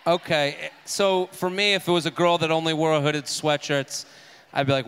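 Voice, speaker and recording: On a theater stage, a podcast co-host riffs quick jokes with the crowd during comedic live banter. His voice is a little high and a bit bright with fairly even intonation, over slight background noise.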